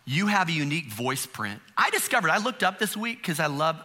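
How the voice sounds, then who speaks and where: A man's voice: fairly high pitch, big pitch swings, fairly quick, hardly any pauses, bright, forceful tone, a little hiss or hum. A middle-aged man preaching a sermon as pastor, conversational and humorous, with frequent rhetorical questions.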